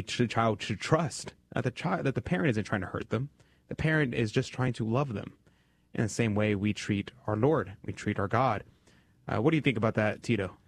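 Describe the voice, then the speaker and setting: Relaxed male radio host, dry sound. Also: medium pitch, no room sound. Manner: conversational, restarts and reads poetry aloud. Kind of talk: casual chat about faith and poetry. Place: radio studio.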